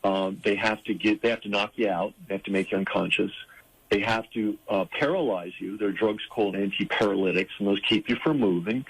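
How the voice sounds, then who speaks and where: A man with a low, husky voice talks as a guest in a conversational interview. He explains things earnestly, often pausing on fillers and restarting his sentences mid-thought. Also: rough recording.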